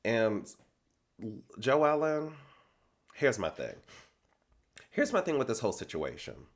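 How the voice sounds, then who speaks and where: A man, recapping a reality TV episode in a chatty, animated storytelling style. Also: medium pitch, takes it slowly. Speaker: recap host.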